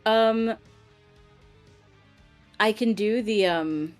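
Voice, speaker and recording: A woman chatting casually on a stream, teasing and joking, with halting restarts, on a headset microphone. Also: mid-range voice, soft background music. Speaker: streamer's guest. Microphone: headset mic with headphones.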